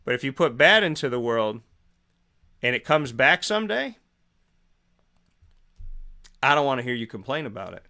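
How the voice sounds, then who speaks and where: Man hosting, bright forceful voice, preachy rhetorical pep talk, repeats lines, acts out both sides of conversations. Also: mid-range voice, very animated, normal speed, pauses often. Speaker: host. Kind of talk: motivational morning monologue.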